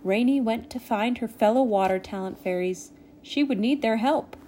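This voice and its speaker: Woman storybook reader, mellow and fairly high, gentle delivery. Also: normal speed, slight background noise. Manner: gentle, expressive. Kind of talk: reading a children's storybook aloud.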